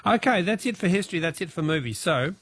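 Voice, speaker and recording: A man with an Australian accent hosting a talkback radio quiz, brisk and friendly, reading questions and calling out listeners' answers. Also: high-pitched, animated, fairly bright tone.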